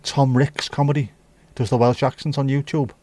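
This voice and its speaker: A man's voice: mid-range voice, little pitch movement, moderate pace, dark tone, no echo. A man with a Scouse accent hosting a casual livestream, chatting with viewers and bantering as he reads the chat. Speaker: livestream host.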